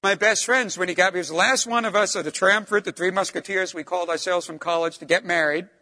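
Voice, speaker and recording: A middle-aged man preaches with a high, bright voice that carries through a large reverberant hall. He pushes up hard on stressed words, then drops low and soft for asides. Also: steady tone, fast talker. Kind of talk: sermon.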